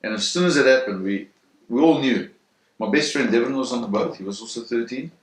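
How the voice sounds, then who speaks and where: A man in an interview telling a first-hand story in a vivid, animated way, acting out the sounds and voices. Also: mid-range voice, a little fast. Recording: roomy echo.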